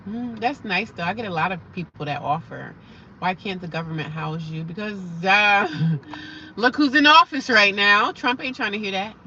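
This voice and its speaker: A woman's voice: mid-range voice, sharp tone. A young woman chatting casually on a livestream, reading viewers' comments aloud and answering them. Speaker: livestream host. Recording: slightly dull lo-fi sound with faint background noise.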